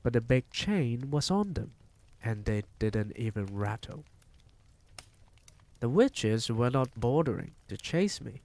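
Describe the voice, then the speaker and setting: A man reading a novel aloud on a live stream, telling it in an unhurried, measured way. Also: mid-range voice, sing-song, darkish tone.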